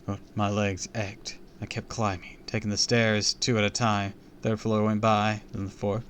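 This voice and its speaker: A low-voiced man reads a spooky children's story aloud on a live stream. His delivery is expressive and theatrical, leaning into the suspense. A faint hum of noise stays in the background. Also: moderate pace.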